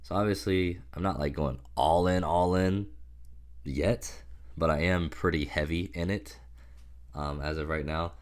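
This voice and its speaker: Very deep-voiced sick man vlogging. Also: moderate pace. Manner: loose, rambling, many fillers. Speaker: stock investing vlogger. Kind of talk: casual portfolio update to camera.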